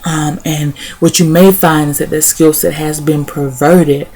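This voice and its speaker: A woman's voice: low-pitched, fairly even intonation, measured pace, mellow, slightly rough. A young woman sharing her thoughts in a casual vlog, repeating words as she goes and dropping in "y'all" and "honey". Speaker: vlogger. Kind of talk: casual spoken reflection.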